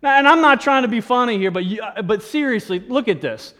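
A man with a high voice preaches to his congregation as their pastor. He is animated and stammers through restarts, throwing in jokey asides. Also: brisk. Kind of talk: sermon.

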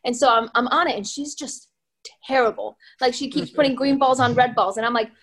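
A woman's voice: fairly high pitch, brisk. A woman game designer, a guest on a podcast, telling funny stories in casual chat and laughing often. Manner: animated storyteller, laughs often.

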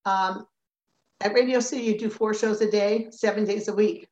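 An older woman, once a Rockette, shares her story as an interview guest at a normal speed, her voice mid-range. Lively and expressive, she mimics the people in her tale and laughs often. Audio comes through a roomy, slightly dull remote connection.

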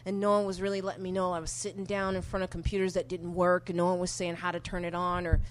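Animated New York woman comic. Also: on the low side, quick pace. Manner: animated, swings from quiet to loud. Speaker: comedian guest. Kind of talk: casual storytelling chat.

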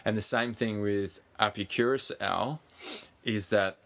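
A man co-hosting a casual sports podcast, animated, swearing freely and pushing on through interruptions. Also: on the low side, measured pace. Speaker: podcast co-host.

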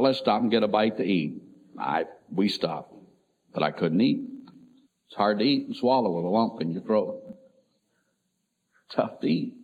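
A middle-aged man, a pastor, telling an emotional personal story in a sermon, swinging between loud and soft. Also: mid-range voice. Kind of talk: sermon testimony. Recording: tinny phone-like lo-fi recording.

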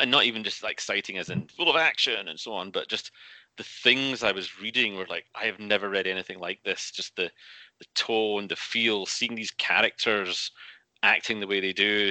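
A man talking as the guest author in a casual interview, animated and restarting often as he acts out quotes. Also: on the low side, moderate pace, dry recording.

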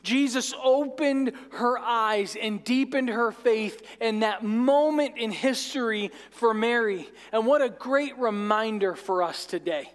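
A male pastor preaching a sermon in a church sanctuary, conversational with light asides and jokes. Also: sits high. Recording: reverberant large church hall.

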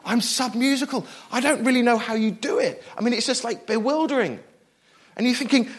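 A middle-aged man preaching a sermon, animated and self-deprecating, moving from loud bursts to hushed, quiet passages. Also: extremely high pitch, normal speed, husky.

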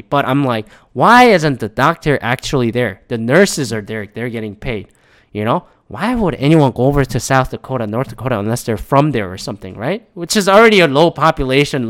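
A man in a casual political rant, rambling and profane, often repeating words as he restarts a thought. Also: medium pitch.

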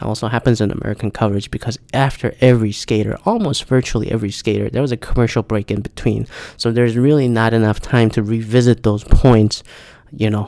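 Gravelly, profane male podcast host. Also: medium pitch, mellow, dry recording, studio quality. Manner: profane, exasperated, emphatic. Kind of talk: casual ranting monologue.

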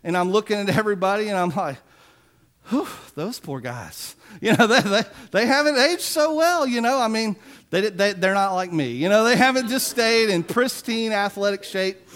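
A man's voice: sits high, expressive, fairly quick, a bit bright. A man in his forties preaching a sermon, telling stories in a conversational way with self-deprecating humor. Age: 40s. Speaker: pastor.

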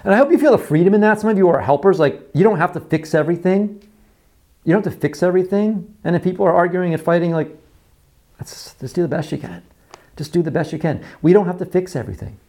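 A man preaching a sermon, repeating his phrases and acting out quoted voices, dropping to quiet lows. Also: fast. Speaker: pastor.

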